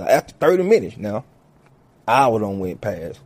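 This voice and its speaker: Animated, husky male storyteller; profane comic delivery, lively pitch. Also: measured pace. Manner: swears heavily, animated, acts out each character.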